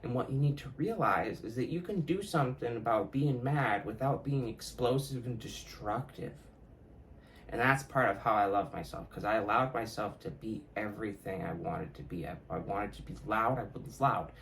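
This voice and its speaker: A young man hosts his own podcast alone, musing casually while swearing freely and breaking into laughter often. His voice sits on the low side, expressive and fairly bright at a moderate pace. There's slight background noise and the audio is poor.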